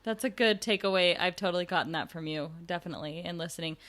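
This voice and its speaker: A woman hosts a casual podcast chat with a bright voice. She is supportive and laughs often with her guest. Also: on the low side, quick pace. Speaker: podcast host.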